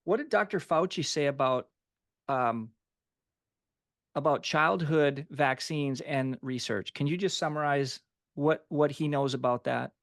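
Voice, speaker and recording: A man's voice: a little high, a little slow, no echo, clean studio sound. A man hosting a conversational interview, asking questions in a casual, affirming way. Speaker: podcast host.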